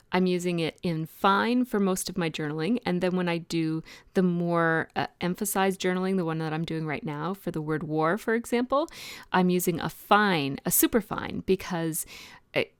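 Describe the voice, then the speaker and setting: A woman's voice: fairly low pitch, moderate pace, clear, resonant tone, no room sound, clean studio sound. A woman casually narrating an art journaling tutorial over her video, chatty and rambling, with frequent ums and restarts.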